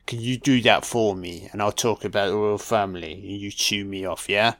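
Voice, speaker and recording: A man's voice: mid-range voice, measured pace, a bit bright, natural voice. A man doing a cocky, leering young Englishman. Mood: boastful. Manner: boastful, leering, lewd. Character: crude cocky young Englishman chatting up women.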